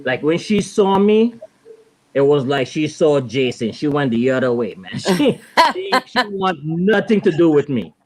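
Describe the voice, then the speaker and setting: A man's voice: a little high, big pitch swings, a little slow. Laid-back Caribbean man telling a story. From Virgin Islands. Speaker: guest panelist. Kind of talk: casual storytelling.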